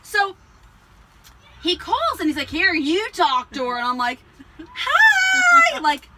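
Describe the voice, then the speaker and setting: A woman's voice: sits high, expressive, a little slow, heavy background noise. A woman co-hosting a casual chat show, telling stories animatedly, acting out the voices she quotes and laughing often. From New Jersey. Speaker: podcast co-host.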